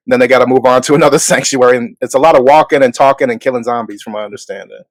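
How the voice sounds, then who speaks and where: A man co-hosting a podcast stream who talks in a relaxed, wry way at a middling pitch. The sound is close and dry, with no room around it. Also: racing, no echo, low-quality recording. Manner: relaxed, wry, laid-back commentary. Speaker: podcast co-host. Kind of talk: casual livestream chat.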